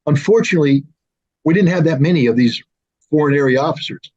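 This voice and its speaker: Older american guy in his 60s telling a story, husky voice, kinda lo-fi sound. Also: on the high side, fast. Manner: animated, with lively mimicry of others. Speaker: show host telling a personal story. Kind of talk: casual storytelling monologue. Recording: slightly dull lo-fi sound.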